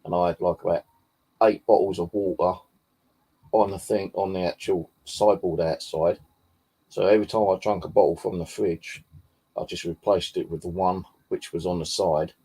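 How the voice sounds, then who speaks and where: Gravelly low-voiced guy. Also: fairly even intonation, moderate pace, dark tone, poor audio. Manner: rambling, swears often, many fillers. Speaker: vlogger. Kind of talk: casual rambling chat.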